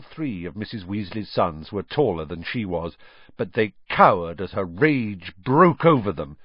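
Husky, lively male storyteller. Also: low-pitched, measured pace, no room sound, dull audio. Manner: expressive, lilting storytelling. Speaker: audiobook narrator. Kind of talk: storybook narration.

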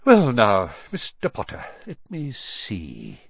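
A man voicing an eccentric, soft-spoken old male wandmaker who can turn stern and sharp, in a storybook reading. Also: fairly low pitch, huge pitch swings, takes it slowly, vocal fry, husky, no echo, lo-fi sound, heavily acted.

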